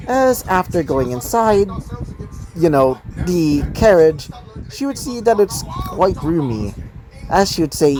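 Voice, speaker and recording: A man's voice: sits high, big pitch swings, measured pace, poor audio. A man casually narrating his own fan fiction story, rambling with lots of fillers and self-corrections.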